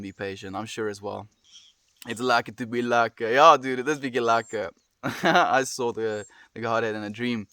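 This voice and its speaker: A man's voice: medium pitch, bright, forceful tone, no echo. Young guy streaming, heartfelt and rambly, lots of sighs and "dude", dry close sound. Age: young adult. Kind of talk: casual chat with viewers.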